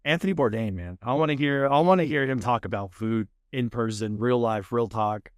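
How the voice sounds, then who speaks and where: A man's voice: mid-range voice, fairly quick, no room sound. Laid-back guest man in a dry studio. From California. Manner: laid-back, enthusiastic, says "man" and "dude" often. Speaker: podcast guest, food show host. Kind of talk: casual chat. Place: podcast studio.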